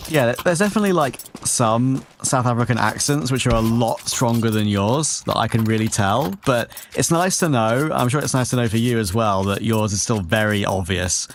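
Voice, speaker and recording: A man casting a live esports match, with chatty banter between quick play-by-play calls. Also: medium pitch, a little hiss or hum. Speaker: esports caster. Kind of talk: live color and play-by-play commentary.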